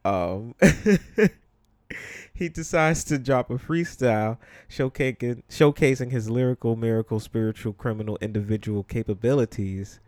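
Medium in pitch and a little mellow, a Bronx, New York podcast host talks at a moderate pace on his solo show. He's blunt and conversational, full of ums and you-knows, and the studio recording is clean and dry.

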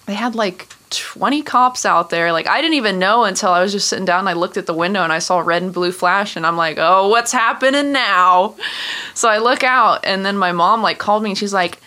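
A woman with a bright, forward voice at a middle pitch tells stories in a relaxed, chatty way. She laughs between lines and leans on "like" as she goes. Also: quick pace, hardly any pauses. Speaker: guest. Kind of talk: casual storytelling.

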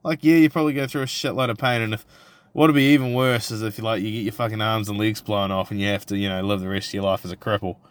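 A young man with a New Zealand accent hosts a solo podcast, delivering a casual rant that's crude, profane, and provocative, with lots of restarts. His voice is fairly low and quick, with fairly even intonation and no echo.

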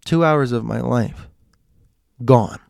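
A man telling a story casually, slowing and dropping to a hush at suspenseful moments with dramatic pauses. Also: medium pitch, vocal fry, no room sound, clean studio sound.

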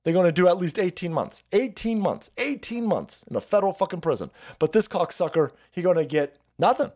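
A man's voice: sits high, expressive, brisk, a little mellow. A man hosting a livestream, ranting crudely about politics, stammering, restarting and laughing at his own jokes. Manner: foul-mouthed, rambling, mocking, laughs at own jokes; reads out and thanks chat viewers. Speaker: livestream host. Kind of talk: profane political rant on a livestream.

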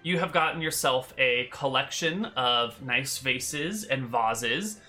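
A man's voice: medium pitch, expressive, takes it slowly, sharp tone. A man narrating a tabletop game as game master in a casual, rambling way with many fillers.

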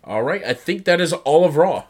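A man co-hosting a casual podcast, retelling events with lively mock voices for quoted lines. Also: on the high side, normal speed. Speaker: podcast co-host recapping wrestling. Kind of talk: casual chat.

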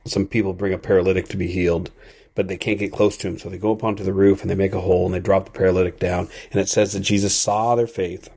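A man hosting a podcast, giving an earnest, thoughtful devotional talk at an unhurried pace. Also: deep voice, little pitch movement, darkish tone, breathy edge.

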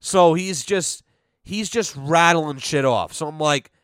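A man's voice: a little high, slow pace, a bit bright, smooth, no room sound, clean studio sound. A young man hosting a podcast, telling a casual story in a profane, exasperated way and acting out what others said. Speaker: podcast host.

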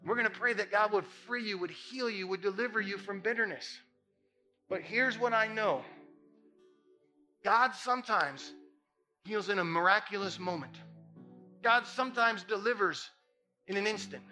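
A man's voice: high voice, moderate pace, pauses often, bright, forceful tone, soft background music. A man preaching as a pastor, impassioned and emphatic, repeating phrases for effect. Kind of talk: sermon.

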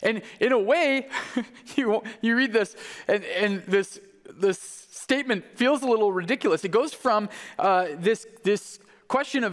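This sermon comes from a man whose voice sits high and who never hurries. He brings the story alive by acting out the voices he quotes, and a long hall reverb surrounds him.

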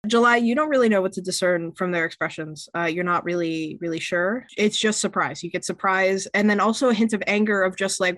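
A woman game master narrating a tabletop game in a relaxed, descriptive, chatty way. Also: medium pitch, fairly quick, few pauses, dry recording.

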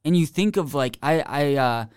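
Earnest young man, smooth dry voice. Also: fairly high pitch, animated, normal speed, darkish tone, dry recording. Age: young adult. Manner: earnest, rambling, many restarts and "like". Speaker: podcast guest. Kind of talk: casual faith testimony.

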